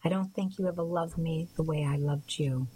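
A woman's voice: low voice, normal speed, warm tone, a little hiss or hum, lightly acted, rough recording. Woman reading a hurt, bitter young man. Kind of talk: audiobook character reading.

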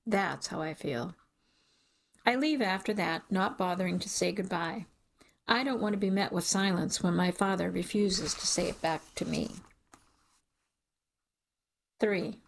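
A woman reading a first-person novel aloud in a measured, wry storytelling manner. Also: medium pitch, vocal fry, a little hiss or hum. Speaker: audiobook narrator. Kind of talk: first-person audiobook narration.

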